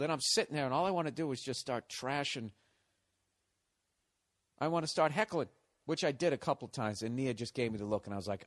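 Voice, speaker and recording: A man's voice: mid-range voice, fairly quick, long pauses, no room sound. Profane ranting middle-aged man. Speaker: podcast host. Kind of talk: rambling comedic monologue.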